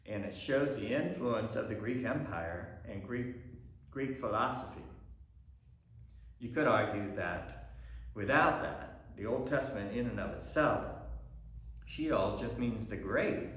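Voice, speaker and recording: A man, a pastor, teaching a Bible study lesson in an explanatory way, pausing with ums and restarting phrases. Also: lowish voice, expressive, a bit bright, a little hiss or hum. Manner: explanatory, thinking aloud with frequent ums and restarts. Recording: very echoey room.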